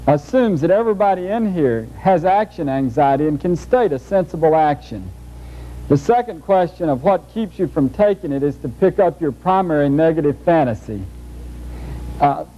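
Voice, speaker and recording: A man giving a lecture in a folksy, humorous storytelling manner, heard on a muffled old videotape. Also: fairly high pitch. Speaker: speaker.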